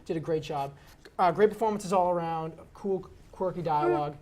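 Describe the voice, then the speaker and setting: A man's voice: fairly high pitch, moderate pace, darkish tone. A young man co-hosting a casual sports debate, sarcastic and full of jabs. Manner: sarcastic, keeps tagging lines with "all right?". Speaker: co-host.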